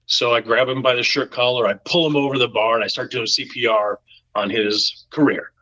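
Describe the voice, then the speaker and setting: A man telling a story on a podcast in a casual, animated way, acting out the voices of the people in it. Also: medium pitch, brisk, rough recording. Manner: animated, acts out quoted voices. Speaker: podcast guest.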